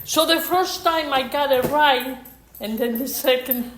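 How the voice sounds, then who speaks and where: A high-voiced mother talks very slowly, halting and restarting as she explains herself with small grammar slips. The room is echoey, with a faint hiss behind her. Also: a bit bright, faint music behind. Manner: hesitant, halting speech with slight grammar slips. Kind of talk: casual family chat.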